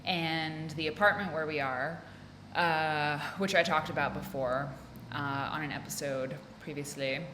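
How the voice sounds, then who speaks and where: Speaking low and unhurried with few pauses, this American podcast host keeps a fairly even intonation and a slightly bright tone. She rambles and cuts herself off in a chatty solo talk from an office. Slight background noise, faint ambience and roomy echo are audible.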